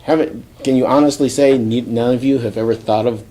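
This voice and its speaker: A man hosting a podcast, loosely recapping a comic book plot with many fillers, chuckling and slipping into quick character voices. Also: medium pitch, fairly even intonation, mellow. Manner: rambling, acts out quotes, chuckles often. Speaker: podcast host. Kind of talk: casual comic book review chat.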